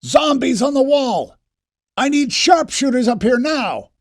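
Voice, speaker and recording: Narrator voicing a bold young man yelling orders, high strained pitch, dry close sound. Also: huge pitch swings, moderate pace, breathy edge, no echo, full character voice. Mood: urgent. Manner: shouts commands urgently. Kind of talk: audiobook character voice.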